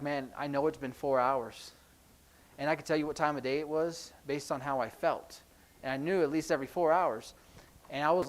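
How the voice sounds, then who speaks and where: A man's voice: a little high, low-quality recording. A man teaching a sign language class at church, chatty and rambling with jokey asides.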